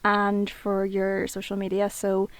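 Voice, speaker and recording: A Northern Irish woman in her twenties, co-hosting a podcast in expressive casual chat, swearing freely. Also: medium pitch, a little slow, dry recording. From Northern Ireland. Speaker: podcast co-host.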